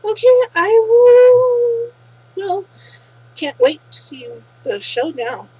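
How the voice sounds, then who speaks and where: A woman voicing a gentle, reassuring guide who gives advice. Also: high-pitched, big pitch swings, takes it slowly, dry recording, heavily acted, rough recording. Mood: kindly. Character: calm helpful advice-giver guiding others.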